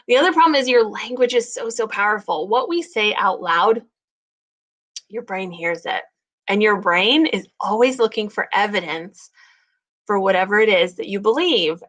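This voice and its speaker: A middle-aged woman hosting a casual talk, chatty and expressive, acting out little quoted voices as she goes. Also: medium pitch. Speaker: host.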